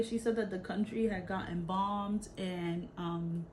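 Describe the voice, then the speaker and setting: A woman's voice: mid-range voice, fairly even intonation, measured pace, hardly any pauses, darkish tone, a little hiss or hum. A woman in her thirties from Brooklyn, chatting animatedly through a storytime while doing her makeup and often adding "right?". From Brooklyn, New York. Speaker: vlogger.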